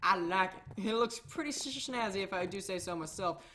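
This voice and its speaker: A chatty woman commentates her own gameplay in a loose, rambling way, often poking fun at herself. Her voice sits at an ordinary middle pitch. A faint hiss of noise sits behind her. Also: animated, fairly quick, bright, forceful tone. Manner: chatty, rambling, self-mocking. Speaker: Minecraft let's-play host.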